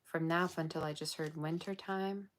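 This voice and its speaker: A woman's voice: deep voice, steady tone, normal speed, slight background noise. A woman giving a casual tarot reading, chatty and blunt with exasperated asides, sounding tired and yawning. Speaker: tarot reader.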